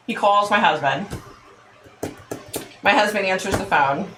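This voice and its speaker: A woman's voice: mid-range voice, normal speed, pauses often, a little hiss or hum. A middle-aged woman hosting her own show, telling a casual story with lots of laughter and acted-out quotes. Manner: animated, laughing often, acts out quotes. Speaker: psychic show host. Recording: echoey room.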